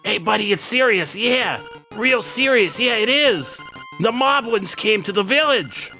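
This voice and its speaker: A squeaky, jittery village kid, as a man puts him on in a thick cartoon-critter accent, pitched high and swooping all over. He talks in urgent, repeated bursts, like a small game character with big news. A streamer does the voice while playing. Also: huge pitch swings, measured pace, sharp tone, soft background music, exaggerated voice.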